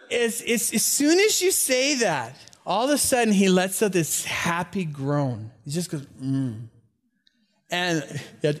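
Animated high-voiced male pastor preaching. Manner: storytelling, animated with asides and small laughs. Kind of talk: sermon.

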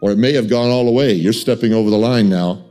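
An impassioned male preacher delivers his sermon, climbing into soaring, pleading tones and dropping back low. He stumbles over quick restarts as he presses his point. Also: warm tone, faint music behind. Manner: impassioned, voicing God's pleas in a higher, pleading tone; stammers on restarts.

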